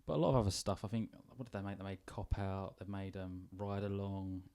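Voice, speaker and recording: A man's voice: low-pitched, steady tone, a little fast, darkish tone, smooth. A man co-hosting a casual film podcast, rambling and self-deprecating, swearing casually. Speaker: podcast co-host. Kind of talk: casual film review chat.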